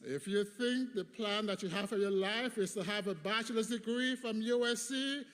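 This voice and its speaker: Speaking at a moderate pace in a high-pitched, fairly bright voice, a man in his fifties delivers an emphatic, preached commencement address with rhythmic repetition. He's in a large hall at a graduation ceremony, and the recording has long hall reverb.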